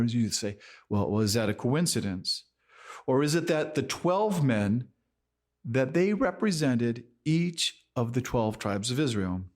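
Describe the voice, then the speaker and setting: Slow-speaking pastor with a lively pitch. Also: male voice. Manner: slow, with repeated restarts and frequent stammered words. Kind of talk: sermon.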